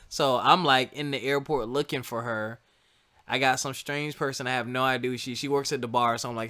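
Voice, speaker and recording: A man's voice: medium pitch, steady tone, normal speed, sharp tone, clean tone. A man hosting a podcast, telling a laid-back story in casual chat and joking at himself. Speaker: podcast host.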